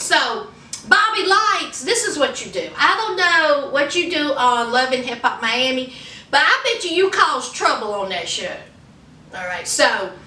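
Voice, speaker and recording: Woman vlogger, bright and unhurried gossip drawl, roomy off-mic sound. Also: high voice, far from the mic. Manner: chatty, drawling, addresses viewers as honey and y'all. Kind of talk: casual celebrity gossip.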